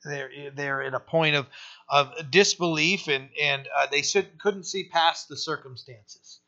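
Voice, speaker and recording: A man with a fairly high, bright, forceful voice and some vocal fry takes his time delivering a conversational sermon. He repeatedly asks listeners "right?" among other rhetorical questions, in a dull lo-fi recording.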